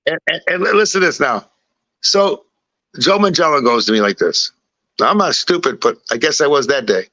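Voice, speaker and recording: Guy telling rough stories, lotsa swearing, kinda high voice, dull muffled audio. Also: brisk. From Chicago, USA. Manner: profane, animated anecdote-telling. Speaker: guest. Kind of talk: casual storytelling. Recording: dull lo-fi recording.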